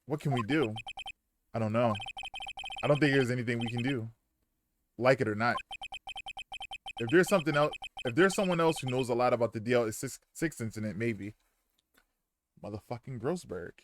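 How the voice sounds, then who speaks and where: A man's voice: mid-range voice, fairly quick, pauses often, slight background noise. A man streaming live, dramatically reading game dialogue aloud with casual cursing asides.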